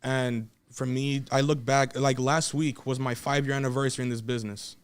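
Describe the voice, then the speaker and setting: A 21-year-old man from South Texas tells his story in a casual, rambling way. He is openly emotional and often restarts his sentences. His voice sits in a middle pitch. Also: level tone, fairly quick, clear, resonant tone. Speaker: guest wrestler.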